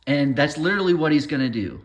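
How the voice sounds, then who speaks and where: A man's voice: a little high, lively intonation, fast talker. A man rambling through an opinion monologue, trailing off mid-thought and waving his own points away with "never mind.".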